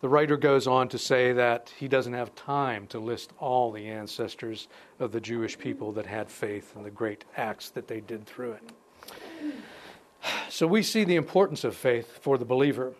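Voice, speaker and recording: A man leads a casual Bible lesson at an ordinary pitch. He reads scripture and breaks off to add his own remarks. He talks like he is chatting with a small group and often restarts his phrases. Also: slight background noise. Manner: conversational, pauses to comment between verses, restarts phrases. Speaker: Bible teacher. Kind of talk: informal Bible study talk with scripture reading.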